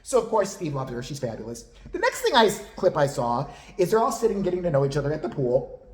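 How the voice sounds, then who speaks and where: Animated gossipy woman vlogger. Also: deep voice, quick pace. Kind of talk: casual storytelling recap. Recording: echoey room.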